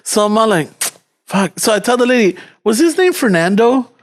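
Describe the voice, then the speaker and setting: Animated Chicano storyteller, high-pitched man. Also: normal speed. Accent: Chicano English. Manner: animated storyteller, acts out quoted exchanges, swears freely, mixes Spanish slang. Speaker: podcast co-host. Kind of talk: casual chat.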